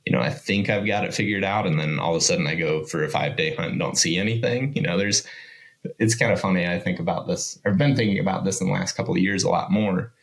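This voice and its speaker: Low-voiced man chatting loosely. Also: fast, vocal fry. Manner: rambling, relaxed, many fillers like "you know" and "kind of". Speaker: podcast guest. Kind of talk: casual chat.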